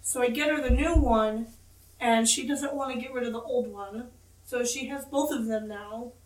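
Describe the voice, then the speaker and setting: A blunt, teasing woman co-hosting a casual talk show. Her voice is high, and she sits away from the mic in a roomy space. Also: moderate pace, recorded from a distance. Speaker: podcast co-host. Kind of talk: casual chat.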